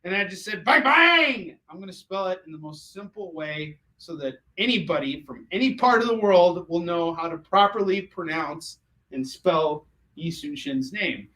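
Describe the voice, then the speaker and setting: An American man hosting a livestream, selling comics and chatting casually in an animated, jokey way with many fillers and restarts. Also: a little high, normal speed, low-quality recording.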